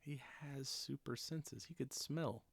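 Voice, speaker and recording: A man's voice: mid-range voice, measured pace, vocal fry, slightly rough, no room sound. A man hosting a podcast, chatting casually through a TV episode recap, swearing freely, laughing often and acting out the characters' lines. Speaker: podcast host.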